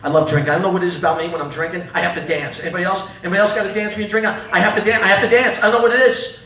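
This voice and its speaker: High, bright stand-up comic man. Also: fairly even intonation, very fast, echoey room, recorded from a distance. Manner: rowdy, acts out voices, audience laughs throughout. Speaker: stand-up comedian. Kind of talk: live stand-up comedy.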